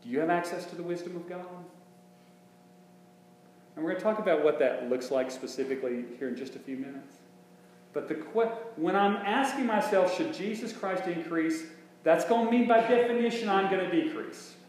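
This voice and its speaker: Captured in a very echoey church sanctuary with a faint hum, a male minister preaches a conversational sermon in a high-pitched, animated, slightly mellow voice at a moderate pace. His talk is full of restarts and rhetorical questions.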